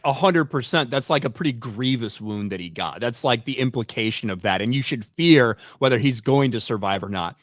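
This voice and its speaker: A man's voice: mid-range voice, no echo, studio quality. A man as a podcast guest in casual chat, sarcastic and sweary, often laughing.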